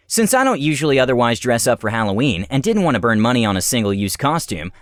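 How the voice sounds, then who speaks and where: A man narrating stories, reading them aloud in an expressive, animated way. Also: mid-range voice, no room sound. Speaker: story narrator. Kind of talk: storytelling narration.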